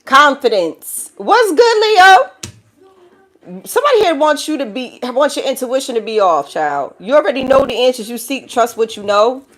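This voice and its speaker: A sing-song, high, fairly bright voice at normal speed belongs to this Bronx tarot reader with a New York accent. During her collective reading she laughs, curses, and bluntly preaches to viewers, calling them child and baby.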